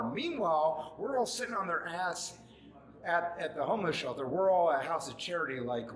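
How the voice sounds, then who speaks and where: A man in his forties ranting at the camera, angry and mocking, often shouting. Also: fairly high pitch, expressive, normal speed, reverberant, rough recording. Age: 40s.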